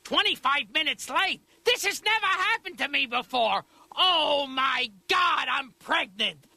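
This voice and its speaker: Bright, high, lively woman comic. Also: measured pace, creaky, no echo. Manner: chatty, animated, bouncy quoted voices. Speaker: patient doing stand-up. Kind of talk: stand-up monologue.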